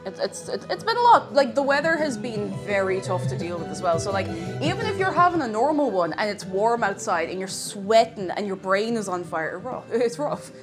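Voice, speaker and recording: A woman chatting bubbly and excitably on a livestream while cooking, now and then breaking into shouted cheers. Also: medium pitch, normal speed, few pauses, over music. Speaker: streamer.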